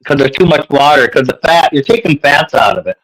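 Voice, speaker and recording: A man's voice: mid-range voice, expressive, brisk, fairly bright tone, soft background music, rough recording. A man chatting casually on a livestream, laid-back, explaining things plainly and joking. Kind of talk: casual chat.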